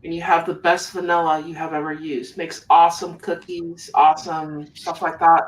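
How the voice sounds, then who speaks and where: Live-stream host, casual relaxed chat, middle pitch, distant from the mic. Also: moderate pace, a little hiss or hum.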